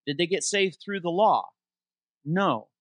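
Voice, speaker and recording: Male interim pastor, sermon delivery, slightly higher pitch, dry close sound, animated with question-and-answer emphasis. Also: dry recording. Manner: animated preaching, reads scripture aloud with slowed emphasis; asks the congregation questions and answers them. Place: church sanctuary.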